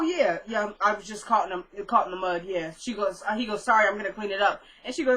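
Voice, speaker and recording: A woman casually recapping a TV episode, chatty and animated, acting out characters' lines as she retells the scenes. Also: mid-range voice, fast talker, few pauses, low-quality recording. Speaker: TV recap vlogger.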